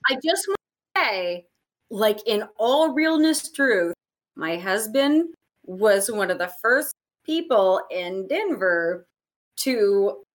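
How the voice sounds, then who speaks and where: A woman's voice: medium pitch, a bit bright. A woman chatting on a video call, blunt and freely profane. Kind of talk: casual video call chat.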